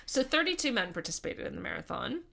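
A woman's voice: medium pitch, big pitch swings, a little fast, gravelly, bright, forceful tone. A woman co-hosting a podcast, telling a history story in a casual, chatty way with frequent laughs and fillers. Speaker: podcast co-host.

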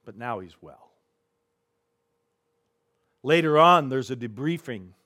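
A man preaching a sermon as pastor, retelling a scripture story vividly, swinging between hushed and emphatic delivery. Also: medium pitch, animated, slow.

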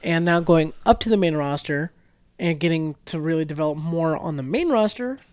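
A chatty podcast co-host talking casually at a mid pitch. Quick delivery with plenty of fillers. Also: animated, a little mellow, smooth, no room sound. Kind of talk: casual chat.

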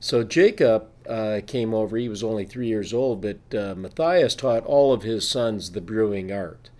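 A man's voice: lowish voice, moderate pace, darkish tone. A man from Wisconsin who heads a brewery, telling its history in an informative, precise way. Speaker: brewery president. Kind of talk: interview answers.

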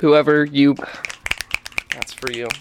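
A man's voice: medium pitch, fairly even intonation, slow pace, very noisy. A man hosting a podcast, riffing and joking with his co-hosts and swearing casually. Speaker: podcast host. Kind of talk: casual chat.

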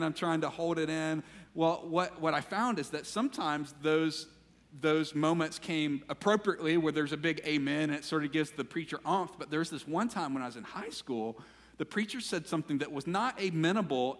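A man preaching a sermon as pastor, animated when acting out quotes and dropping to a quiet, intense voice for emphasis. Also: fairly high pitch, long reverb tail. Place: church sanctuary.

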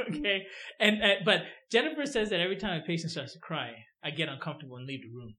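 List: man, podcast host, bright tense voice, animated, laughing, fast talker. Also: fairly high pitch. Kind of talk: casual chat. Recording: echoey room.

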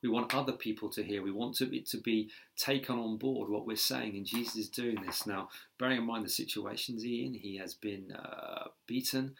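Gravelly low-voiced man preaching. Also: a bit bright. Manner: measured teaching with fillers and restarts. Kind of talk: sermon.

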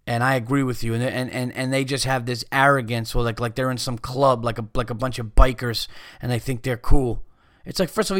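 A man rants on his podcast with exasperated, profanity-laced venting. His voice is smooth and clear at a middling pitch. The close mic sounds dry, with no room around it. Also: a bit bright, no room sound. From United States. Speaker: podcast host. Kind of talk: casual ranting monologue.

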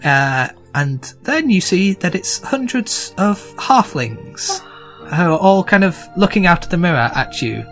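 Animated game master full of fillers. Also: male voice, sits high, measured pace, soft background music. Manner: rambling narration full of fillers. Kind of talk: narrating a tabletop game.

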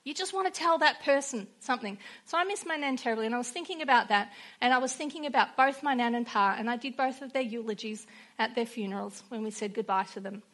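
A woman's voice: fairly high pitch, fast talker, a bit bright. A woman preaching a sermon in an earnest way, weaving in personal stories.

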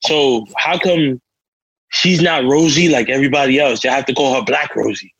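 Man, podcast co-host, husky, dry close mic, earnest and reflective. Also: medium pitch, moderate pace, a bit bright, no echo, highs cut off. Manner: earnest, reflective, asks rhetorical questions. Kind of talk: casual chat.

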